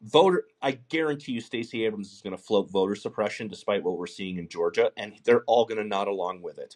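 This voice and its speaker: Blunt low-voiced male podcast host. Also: fast talker, a little mellow. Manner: blunt, profane, rambling with restarts. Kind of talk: casual political commentary.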